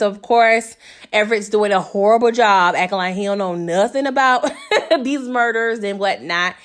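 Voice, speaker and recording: A woman's voice: medium pitch, normal speed. A woman hosting a casual TV episode recap, chatty and slangy, tossing sassy asides to her viewers.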